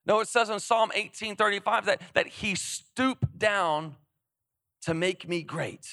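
A young adult male pastor preaching a lively sermon, emphatic, repeating phrases and prompting his audience to respond. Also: high voice, measured pace, no room sound, clean studio sound.

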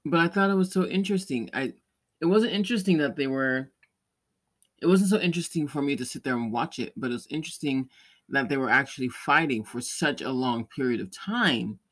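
A man of middle pitch hosting a relaxed talk show, wandering through an anecdote. He keeps restarting his sentences and laughs lightly as he goes, in easy, casual chat. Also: brisk. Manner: rambling storytelling with many restarts and light laughs. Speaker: podcast host; parent or caregiver.

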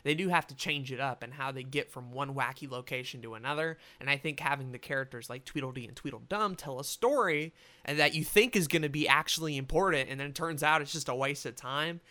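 A man's voice: medium pitch, sharp tone, smooth. A young man giving a rambling, casual movie review, swearing freely and talking with animation. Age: young adult.

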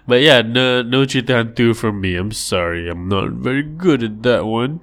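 A man's voice: mid-range voice, lively intonation, normal speed, a bit bright. A man hosting a casual livestream, answering listener questions in a rambling, joking way. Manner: rambling, joking, acts out little scenes in silly voices.

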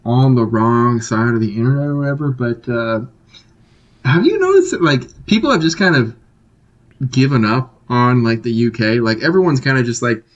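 A man's voice: mid-range voice, animated, normal speed, muffled recording. A man co-hosting a casual podcast chat, rambling with lots of filler words and swearing, a little drunk. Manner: rambling, heavy filler words, swears a lot, laughs often. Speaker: podcast co-host.

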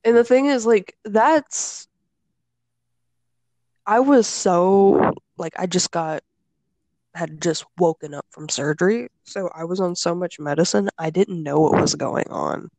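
A woman's voice: on the low side, a little slow, darkish tone, dry recording, low-quality recording. A young woman telling a story in casual chat, full of filler words and swearing.

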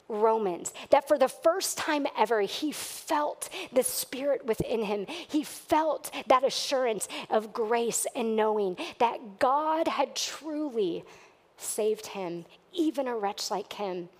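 A woman's voice: on the high side, darkish tone, big-room sound. A woman pastor preaching a sermon to her church, earnest and at times emphatic. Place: church sanctuary.

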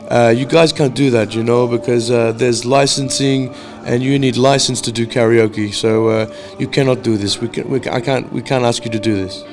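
Gravelly man telling a grumpy travel story. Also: mid-range voice. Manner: animated, swearing, acts out quoted exchanges. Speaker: traveler staying at a hostel. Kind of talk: casual storytelling.

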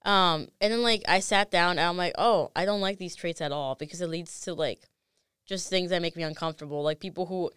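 A woman's voice: on the low side, a little fast, fairly bright tone, smooth, dry recording, studio quality. A young woman co-hosting a podcast, chatting frankly and swearing freely, with many "like"s. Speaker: podcast co-host. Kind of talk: casual chat.

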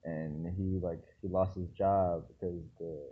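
A man hosting a podcast in casual, joking chat, quick to question and tease his guest. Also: low-pitched, steady tone, breathy edge. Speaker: podcast host. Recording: dull lo-fi sound.

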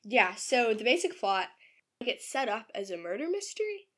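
A woman's voice: a little high, big pitch swings, moderate pace, a bit bright, husky. A young woman in a casual podcast chat about her own novel, talking with many fillers and laughs. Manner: chatty, giggly, filler-heavy. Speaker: podcast co-host and writer.

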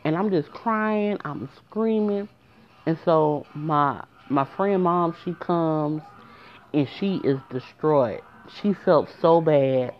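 A woman's voice: deep voice, slow, a little hiss or hum. A woman telling a personal story in a casual, emotional way, speaking directly to her listeners. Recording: muffled lo-fi recording.

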